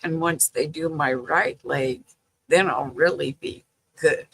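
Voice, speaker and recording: Older lady rambling slow on a livestream, gravelly voice, lots of you knows. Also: low voice, a bit bright, slight background noise, poor audio. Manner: slow, chatty storytelling with frequent "you know" and laughter. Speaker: livestream host chatting with viewers. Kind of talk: casual live chat.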